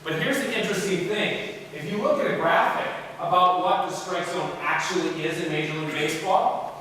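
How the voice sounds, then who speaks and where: Bright-voiced man in an echoey chapel. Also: fairly high pitch, fairly quick, a little hiss or hum. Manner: casual and joking, loose with fillers. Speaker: guest chapel speaker. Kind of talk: humorous storytelling talk. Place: large chapel hall. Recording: echoey chapel hall heard from far off.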